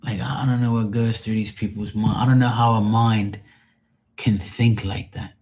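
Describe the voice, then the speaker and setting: A man's voice: on the low side, little pitch movement, normal speed, a little mellow. A man on a live stream venting in a rambling, emotional monologue, swearing often and sounding drained and sad.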